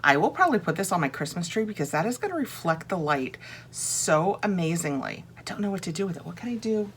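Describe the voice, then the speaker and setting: Woman, casual unboxing chat, gushing, slightly low voice. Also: big pitch swings, quick pace, a little hiss or hum. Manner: gushing, chatty, thinks aloud. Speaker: home decor unboxing vlogger.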